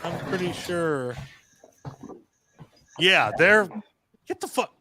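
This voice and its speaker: A man's voice: high voice, expressive, takes it slowly, background noise. A man hosting a live online hangout, chatting casually in a joking, profane and rambling way. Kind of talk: casual chat.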